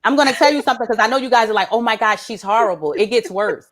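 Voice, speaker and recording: A woman's voice: a little high, very fast. A woman doing a stand-up comedy set, brash and profane, often laughing at her own jokes. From Atlanta, Georgia.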